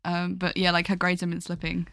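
A woman's voice: lowish voice, monotone, fairly quick, fairly bright tone, no echo. A woman co-hosting a podcast, chatting casually about a film and laughing often as she talks. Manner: giggly, laughs often while talking.

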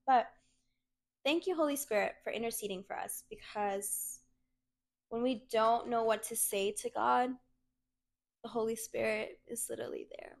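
A woman's voice: fairly high pitch, fairly even intonation, moderate pace, gravelly. A young woman giving a casual, earnest faith talk to her viewers, chatty and leaning on the word "literally". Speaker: Christian content creator.

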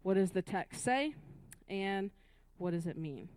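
A woman's voice: mid-range voice, animated, unhurried, darkish tone, clear, resonant tone. A woman leading a Bible study class, recapping earlier weeks and asking the group questions, often checking in with "right?" and "Amen?".

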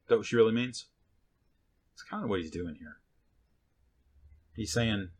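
A man's voice: lowish voice, moderate pace, pauses often, a little hiss or hum. A man preaching a sermon in a conversational way, with sarcastic asides and frequent checks like "right?" and "okay?".

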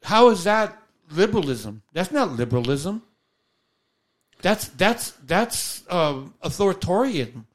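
High-pitched male co-host, animated and exasperated, casual rant. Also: slow. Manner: animated, exasperated, mocking asides. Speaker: podcast co-host. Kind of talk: casual ranting chat.

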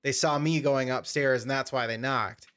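A man's voice: medium pitch, fairly even intonation, moderate pace, fairly bright tone, clear, resonant tone. Rambling man telling a story. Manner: rambling, self-correcting anecdote teller. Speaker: podcast host. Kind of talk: casual storytelling chat.

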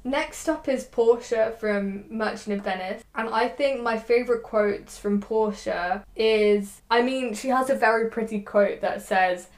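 A woman's voice: a little high, a little slow, few pauses. A young adult woman hosting a podcast, chatting casually with lots of "like" and reading out quotes now and then. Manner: chatty, loose with many likes, reciting quotes in between. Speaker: podcast host.

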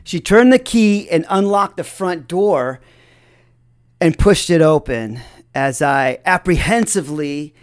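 Brief: male storyteller, unhurried, reflective, light chuckles throughout. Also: on the high side, clean tone. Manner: chuckles often between sentences.

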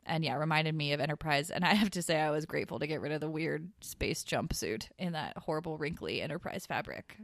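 A woman co-hosting a podcast, chatting casually and animatedly, with quick asides and laughs. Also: sits low, no room sound, clean studio sound. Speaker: podcast co-host. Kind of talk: casual chat.

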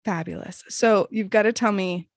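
A woman's voice: mid-range voice, steady tone, normal speed, dry recording, clean studio sound. A woman hosting a podcast, reading an ad and interviewing a guest with bubbly enthusiasm. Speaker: podcast host. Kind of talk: podcast intro, ad read and interview.

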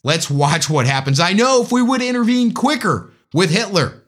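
A man's voice: sits high, very animated, moderate pace, a bit bright. A man giving a casual, joking, opinionated monologue as a commentator.

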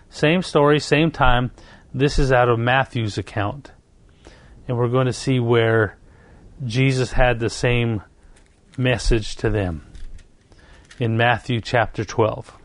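Male preacher, sermon, scripture reading, personal story, earnest, mid pitch, dry close sound. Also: no echo. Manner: earnest storytelling, repeats phrases, occasional self-corrections.

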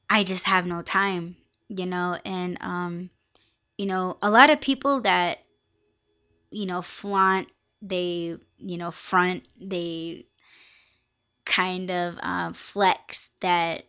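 A woman's voice: lowish voice, steady tone, slow, sharp tone, clear, resonant tone. A young woman hosting a podcast on her own, chatting candidly and profanely, rambling with lots of fillers. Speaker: podcast host. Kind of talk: casual solo podcast chat.

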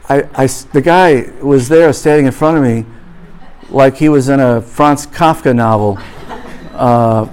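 A man's voice: mid-range voice, measured pace, darkish tone, clean tone. A middle-aged man, a pastor, preaching a sermon before a live audience, telling a humorous story with comic exaggeration and then moving into a blessing.

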